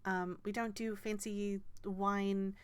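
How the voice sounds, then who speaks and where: A weary, grumpy mead seller barking rules, played by a woman game master. Gruff and bossy, taking its time. Smooth, clear voice. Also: mid-range voice, level tone, slow, lightly acted.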